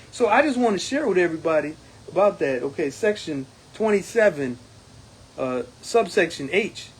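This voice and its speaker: A man's voice: high-pitched, sing-song, normal speed, slightly rough, poor audio. A man, a union steward running for local president, recapping an event in a casual talking-to-camera monologue, emphatic and defiant, with many fillers and restarts.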